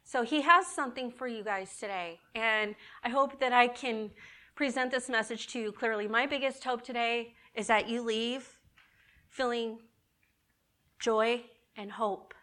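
A middle-aged woman giving an animated, emotional sermon to a group, repeating key words for emphasis. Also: on the high side, a little slow. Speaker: women's ministry speaker.

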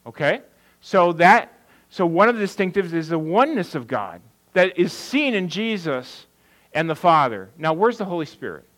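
Very animated and moderately paced, a middle-aged pastor gives a conversational sermon in which he asks questions and then answers them. His voice sits high and a bit bright, captured in a low-quality recording.

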